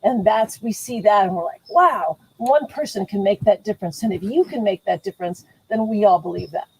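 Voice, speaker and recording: A woman teaching a song line by line to a live audience, singing phrases and then explaining them quickly. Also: medium pitch, a little mellow, a little hiss or hum, low-quality recording. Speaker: singer-songwriter guest. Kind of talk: teaching a song with guitar, then casual thanks.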